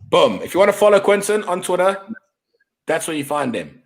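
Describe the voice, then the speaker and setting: A man's voice: high-pitched, very animated, fairly quick, vocal fry. A South African man hosting a casual podcast chat, rowdy and profane. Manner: rowdy, profane, mimics voices for laughs. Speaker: podcast host.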